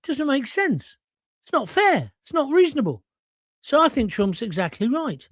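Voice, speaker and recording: A man's voice: very high voice, sing-song, moderate pace, no echo, clean studio sound. A middle-aged English man hosting his own political show, ranting bluntly with sarcastic asides. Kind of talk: opinionated live show monologue.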